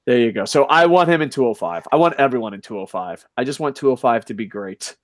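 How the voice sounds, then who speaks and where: A man co-hosting a casual podcast, ranting loudly with lots of swearing. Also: medium pitch, expressive, fast, dry recording. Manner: loud, profane ranting. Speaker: podcast co-host.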